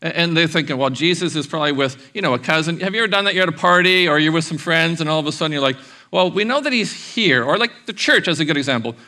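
A man in his forties preaching a sermon as pastor, chatty and animated, acting out little quotes along the way. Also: a little high, fast talker, few pauses.

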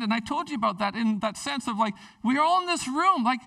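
Man, pastor, casual sermon, excitable, very lively intonation. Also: very high voice, a little fast, creaky, few pauses, recorded from a distance. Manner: excitable, chatty, animated.

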